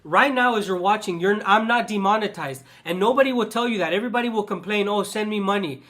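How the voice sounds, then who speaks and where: Speaking fast in a fairly high, slightly bright voice, a man from the West rants on his own channel. His impassioned monologue keeps repeating itself and starting over.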